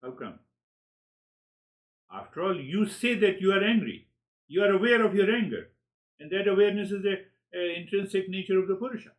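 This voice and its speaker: A man giving a spiritual lecture, animated, who acts out inner dialogues and often repeats words as he searches for the next one. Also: sits high, fairly quick, long pauses, rough recording. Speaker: spiritual teacher.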